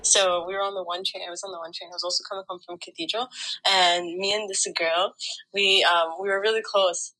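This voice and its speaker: A woman's voice: on the low side, little pitch movement, a little fast, sharp tone, slight background noise, low-quality recording. A woman casually telling a personal story in a chatty way, with many "like" fillers.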